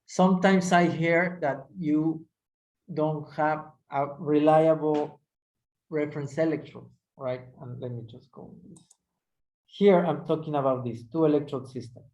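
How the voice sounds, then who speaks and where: First-language guy lecturing, kinda high voice, keeps saying all right?, echoey room. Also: steady tone, a little slow, a little mellow. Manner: conversational, repeats "all right?" to check understanding. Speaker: instructor. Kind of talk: technical lecture.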